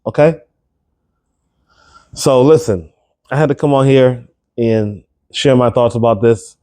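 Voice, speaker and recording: A man's voice: mid-range voice, unhurried, warm tone. A man giving his opinion straight to the camera, emphatic and incredulous, firing off rhetorical questions and repeating words as he gets worked up. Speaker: commentary vlogger.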